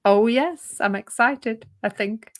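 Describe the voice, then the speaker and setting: A woman's voice: fairly high pitch, a bit bright. Rambling, thoughtful woman. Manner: thoughtful, rambling, laughs easily. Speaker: podcast co-host. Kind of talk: casual reflective conversation.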